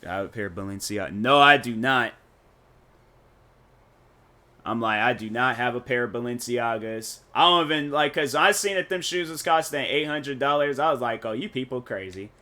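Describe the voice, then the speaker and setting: Bright-voiced man rambling on stream. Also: medium pitch, a little fast, few pauses. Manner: rambling, slangy and joking. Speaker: gaming streamer. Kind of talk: casual live-stream chat while playing.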